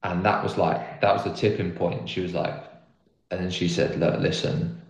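A young man speaks in a low, deep register as he tells how he came to faith. He talks in an earnest, rambling way, dropping "like" again and again. The recording has a roomy echo. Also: flat delivery, normal speed. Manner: earnest, rambling, lots of "like" fillers. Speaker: guest sharing his faith story. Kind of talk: casual conversational testimony.

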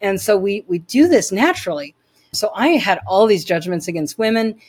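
A woman's voice: mid-range voice, animated, normal speed, husky. A woman as an interview guest, telling her personal faith testimony in an earnest, emphatic way, repeating phrases for weight.

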